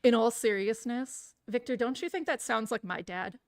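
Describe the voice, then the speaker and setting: A woman reading a visual novel aloud in a soft, soothing voice, with casual, swearing asides. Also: fairly high pitch, expressive, moderate pace, no echo, studio quality. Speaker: streamer reading a game aloud.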